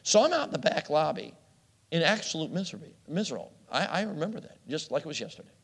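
A man's voice: fairly high pitch, sing-song, fast talker, fairly bright tone. Man preaching with hall reverb. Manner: storytelling, self-deprecating humor with laughs. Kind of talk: sermon.

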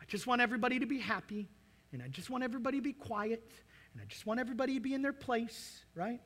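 A pastor in his forties delivers a sermon with lively, playful energy, his voice high for a man, bright and forceful. He drifts into acted-out asides and jokes as he preaches, and racing also comes up.

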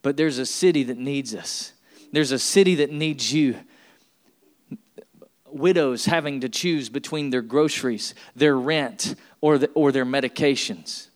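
A man's voice: a little high, moderate pace. A man preaching a sermon as pastor, emphatic and building to repeated refrains.

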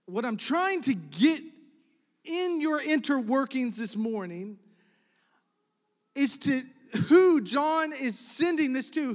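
A man preaching a sermon to his congregation as pastor, building to emphatic loud stretches and dropping to soft, quiet ones. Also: extremely high pitch, in a large hall.

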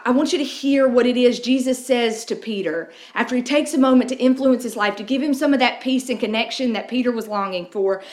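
A middle-aged woman pastor, preaching a sermon in a conversational storytelling way with frequent restarts. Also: fairly high pitch. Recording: roomy echo.

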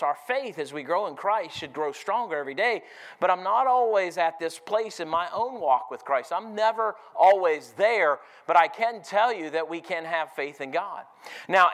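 A man's voice: a little high, fairly bright tone. A man preaching a sermon, telling a story full of "I said" and calling "amen?" to the congregation. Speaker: pastor.

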